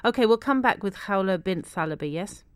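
A woman hosting a radio talk show, reacting warmly and a little flustered when off script. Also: medium pitch, lively intonation, a little fast, smooth. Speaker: radio host. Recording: dry studio mic.

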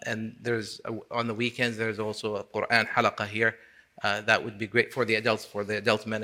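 A man's voice: on the low side, pushed and bright. A man preaching a mosque sermon, impassioned and building to emphatic peaks, weaving in recited Quranic Arabic. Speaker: imam.

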